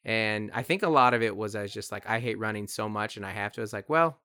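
A man's voice: on the low side, sharp tone, smooth, no echo. A man hosting a podcast, chatting casually, joking and laughing easily. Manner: joking, quick to laugh, acts out people in stories. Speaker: podcast host. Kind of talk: casual chat.

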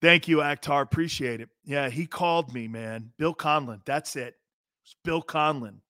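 A middle-aged man hosting a sports talk show, talking loudly and excitably, rambling with many restarts. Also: a little high, normal speed, no room sound, clean studio sound. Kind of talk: casual radio talk show chat.

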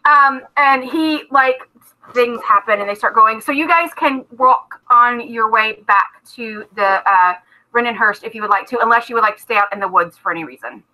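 A woman's voice: on the high side, normal speed, bright, forceful tone, low-quality recording. A woman narrating a tabletop game as game master, chatty, with many fillers and restarts.

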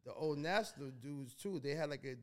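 A man's voice: a little high, lively intonation, a little fast. A middle-aged man from New York, a podcast guest telling rambling stories in a laid-back way with lots of restarts. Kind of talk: casual storytelling in a podcast interview.

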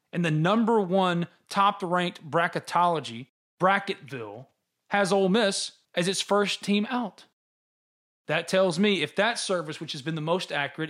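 A high-pitched man hosting a sports podcast. He talks in a lively, joking way and teases his co-host as they chat about college sports. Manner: animated, joking, quick to tease. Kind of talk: casual sports talk.

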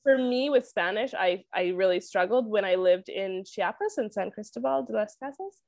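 A woman chatting casually as a podcast host, animated and laughing often, acting out what she said to people. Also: medium pitch, normal speed. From Canada. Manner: animated, laughs often, acts out quoted lines. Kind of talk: casual chat.

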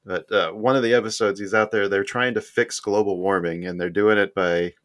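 A man's voice: fairly low pitch, steady tone, a little fast, fairly bright tone, no room sound, clean studio sound. A man in casual podcast chat, joking and laughing along with his friends.

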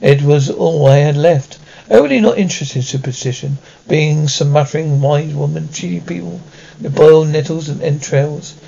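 A man's voice: a little high, normal speed, creaky, mellow, slightly rough. A man voicing a determined young woman who wants to be a doctor, speaking earnestly and bluntly. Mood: insistent. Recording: dull lo-fi recording.

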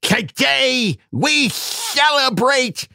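A man putting on a nerdy voice to recite a grand, rousing speech slowly, with sudden loud swells. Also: extremely high pitch, expressive, creaky, background noise, heavily acted. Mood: pompous. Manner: slow, halting delivery with sudden loud swells.

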